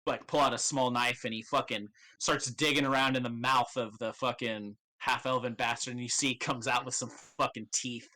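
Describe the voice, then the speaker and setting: A man's voice: mid-range voice, steady tone, moderate pace, few pauses, sharp tone. A young man narrating as game master in a casual, swear-filled way.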